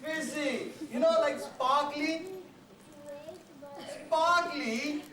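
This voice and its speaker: A man playing a high-voiced pushy telesales caller with an accent. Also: very slow, crowd noise, exaggerated voice. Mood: explaining. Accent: foreign accent. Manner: over-explaining, spells words out. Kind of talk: amateur stage comedy acting. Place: hotel function room stage. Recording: echoey hall miked from far, audience.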